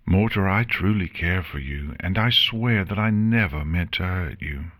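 A man voicing a soft-spoken female pony who pleads tenderly with the one she loves, in a storybook reading. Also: low voice, expressive, a little slow, no room sound, studio quality. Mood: pleading tenderly.

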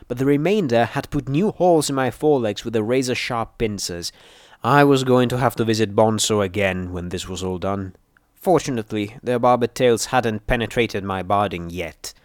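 A man narrating a first-person adventure story with a steady, measured delivery. His voice is on the lower side and the recording is dry and close, with no room sound. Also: no room sound. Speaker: audiobook narrator.

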